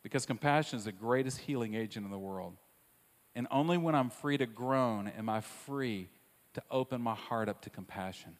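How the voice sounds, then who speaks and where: A man preaching a sermon, moving between quiet asides and loud, emphatic repetition. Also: mid-range voice, moderate pace. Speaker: pastor. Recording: long reverb of a large hall.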